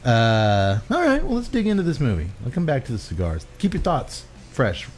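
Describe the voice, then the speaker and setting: A man's voice: mid-range voice, moderate pace, a little hiss or hum. A man hosting a podcast, recapping a movie in casual chat with lots of laughter. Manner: animated, laughing storyteller. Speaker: podcast host.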